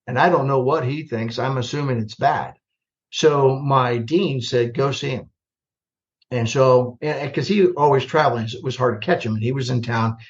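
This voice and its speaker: On a slightly muffled, lo-fi podcast recording, an older American man who's a retired army general spins animated stories as a guest, playing both parts of past conversations and poking fun at himself. He talks at a moderate pace with a middle-range male pitch.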